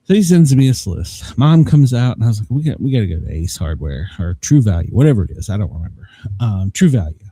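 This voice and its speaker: A man's voice: on the low side, very animated, fast talker, mellow, slightly rough, dry recording. A man hosting a live show, telling a long rambling story with plenty of laughs and swearing, acting out both sides of each conversation. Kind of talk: casual storytelling.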